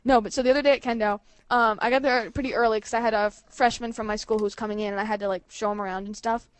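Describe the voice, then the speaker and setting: A young woman chatting on a podcast over an internet call, giggly and animated, telling stories and doing her friends' voices. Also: on the high side, rapid-fire, dry recording. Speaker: podcast co-host. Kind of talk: casual chat over a call. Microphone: computer mic on an online call.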